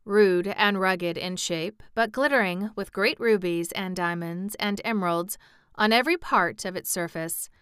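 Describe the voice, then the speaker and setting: Audiobook narrator, woman, slow and measured, bright crisp voice, dry close sound. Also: medium pitch, dry recording. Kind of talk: audiobook reading.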